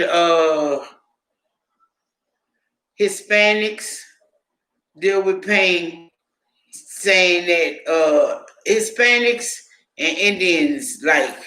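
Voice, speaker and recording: A woman's voice: fairly low pitch, a bit bright. A woman vlogger talking in a casual, rambling monologue, profane and indignant. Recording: echoey room.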